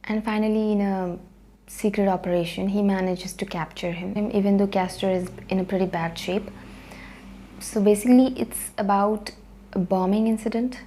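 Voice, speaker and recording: A woman's voice: mid-range voice, dark tone, a little hiss or hum. A woman casually recapping a film she watched, chatty and full of ums and uhs. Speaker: movie review vlogger. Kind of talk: casual spoken movie recap.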